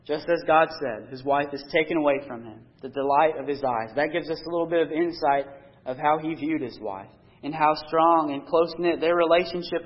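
A man preaching a sermon, reading scripture aloud and explaining it earnestly, pressing harder on key points. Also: a little high. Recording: dull lo-fi recording.

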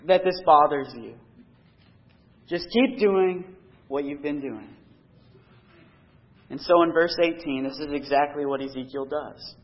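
A man's voice: fairly high pitch, measured pace, long pauses. A man preaching a sermon, reading scripture aloud and explaining it earnestly, pressing harder on key points. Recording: dull lo-fi recording.

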